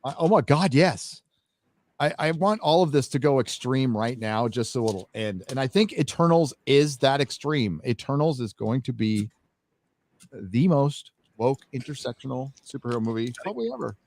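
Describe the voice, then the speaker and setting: A man's voice: mid-range voice, animated, normal speed, darkish tone. A man hosting a live stream, chatting casually and bluntly with lots of swearing while reading out donations. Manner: blunt and profane, reads out donations. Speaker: host.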